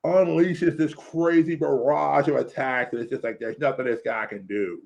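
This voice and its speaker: A man's voice: medium pitch, fairly even intonation, moderate pace, vocal fry, a little mellow. A man hosting a casual chat, laughing often and acting out lines as he tells stories. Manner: laughs often, acts out quoted lines in storytelling. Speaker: podcast host. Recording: dull lo-fi sound.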